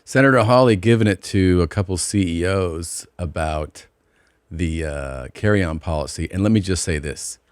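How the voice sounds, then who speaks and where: A man's voice: deep voice, moderate pace, clean tone, no room sound, clean studio sound. A man hosting a podcast, telling an indignant, profane story in casual chat. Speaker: podcast host.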